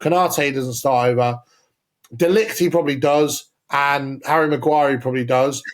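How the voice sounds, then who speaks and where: A man's voice: mid-range voice, steady tone, moderate pace. A man co-hosting a casual football podcast, opinionated and sweary, laying out his arguments step by step. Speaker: podcast co-host.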